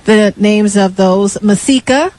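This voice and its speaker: A woman's voice: medium pitch, darkish tone. Hesitant woman co-hosting live radio. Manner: hesitant, halting, reads caller names. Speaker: radio talk show co-host. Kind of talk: live call-in radio talk.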